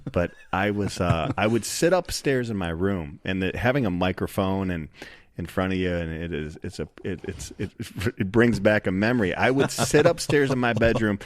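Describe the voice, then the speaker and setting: A man's voice: low voice, normal speed. A man in his forties, a podcast guest, chatting casually and telling stories with a lot of stammering restarts. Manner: stammering, animated storyteller. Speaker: podcast guest, donut shop owner. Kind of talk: casual chat.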